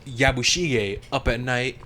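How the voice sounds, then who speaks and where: A young man co-hosting a podcast, casually recapping a TV episode, acting out characters in quick silly voices and swearing freely. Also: medium pitch, slight background noise. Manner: animated, acts out characters in silly voices, profane. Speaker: podcast co-host.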